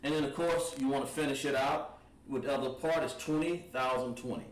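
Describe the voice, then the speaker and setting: A man teaching a Hebrew class at a board, patient and encouraging, repeating words slowly. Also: medium pitch, fairly even intonation. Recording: echoey room, voice from far off.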